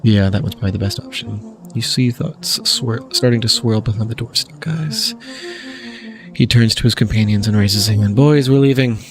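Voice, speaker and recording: A man hosts a let's-play, reading a game's text aloud and making wry, laughing asides as he goes. His voice sits somewhat low for a man. Soft game music plays in the background. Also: moderate pace. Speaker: gaming channel host. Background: faint game music.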